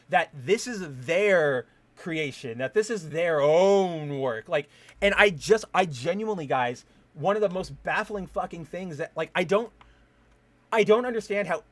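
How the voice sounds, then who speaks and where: Male podcast host on a fired-up solo rant; a touch high, swears freely, trips over restarts. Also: fairly bright tone. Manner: heated, profane ranting with frequent restarts.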